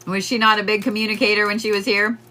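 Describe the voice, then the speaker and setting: A woman's voice: mid-range voice, bright, forceful tone, slight background noise. A woman giving casual psychic readings on a livestream, chatting with viewers and laughing often.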